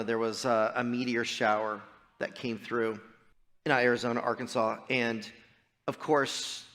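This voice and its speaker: A man, preaching a sermon as pastor, moving between loud emphatic preaching and quiet personal storytelling. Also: mid-range voice. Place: church sanctuary. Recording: long church reverb.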